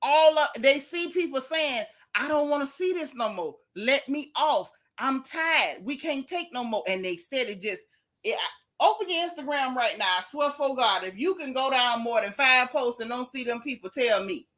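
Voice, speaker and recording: Exasperated emphatic woman with bright voice. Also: sits high, animated, moderate pace. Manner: exasperated, emphatic, dramatic repetition. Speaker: podcast host. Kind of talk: casual livestream rant.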